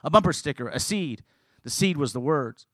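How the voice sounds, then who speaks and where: A middle-aged man preaching a sermon, telling stories and moving from loud, emphatic lines to quiet, hushed ones. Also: a little high, expressive, normal speed, no echo.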